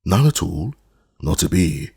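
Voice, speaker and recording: An earnest, polite young boy speaks sincerely in a raised, husky voice, as a man puts him on for an audiobook. The slightly gravelly tone keeps a lively lilt. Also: low-pitched, measured pace, full character voice. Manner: earnest and pleading.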